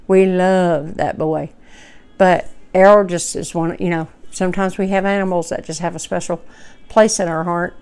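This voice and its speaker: Woman in her 50s, folksy vlogger with a smooth, clear tone. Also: fairly low pitch, fairly even intonation, moderate pace, a little mellow. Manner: heartfelt, rambling, folksy. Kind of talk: personal storytelling to camera.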